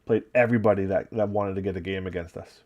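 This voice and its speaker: A man's voice: deep voice, fast talker, muffled recording. A man with an upstate New York accent, hosting a casual livestream and chatting loosely while he paints and reads the chat. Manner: relaxed, rambling, talking while working and reading chat. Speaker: livestream host painting miniatures.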